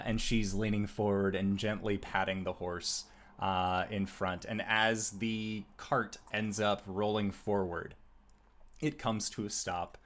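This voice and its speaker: Slow, low-voiced male game master. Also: a bit bright. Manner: descriptive and unhurried, with frequent "uh" fillers. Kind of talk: narrating a tabletop game.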